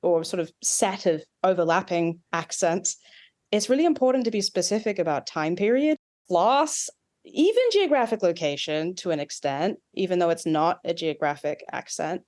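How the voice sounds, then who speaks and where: A woman's voice: lowish voice, animated, moderate pace, a little mellow. A woman with an Australian accent, a dialect coach, explaining at length with asides and examples in an interview. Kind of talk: expert interview.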